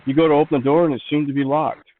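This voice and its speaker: A man's voice: fairly high pitch, steady tone, rapid-fire, phone-quality sound. A man narrating as game master, describing rooms and thinking aloud as he sets each scene.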